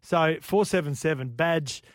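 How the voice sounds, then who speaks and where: A man's voice: a little high, unhurried, no echo, clean studio sound. A man with an Australian accent hosting a sports radio show, telling rugby league stories and reading out listener texts. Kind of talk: casual sports radio chat.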